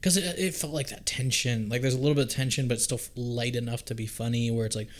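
A man in casual movie watch-along chat, animated and profane, jumping into quick put-on voices for the characters. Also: medium pitch.

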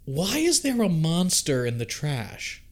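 A man in casual movie watch-along chat, animated and profane, jumping into quick put-on voices for the characters. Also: on the high side.

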